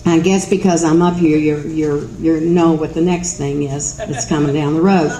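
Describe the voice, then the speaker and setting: A woman's voice: sits low, steady tone, normal speed, dark tone, slight background noise. A middle-aged woman with a Southern US accent gives a folksy, self-mocking storytelling speech at an event. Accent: Southern US, Kentucky. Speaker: speaker at an event. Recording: roomy hall sound with faint ambience.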